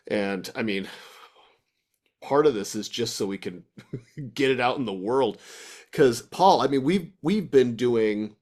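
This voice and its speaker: A man co-hosting a podcast over a video call, chatting casually and thinking aloud with restarts. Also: lowish voice. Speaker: podcast co-host. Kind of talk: casual chat.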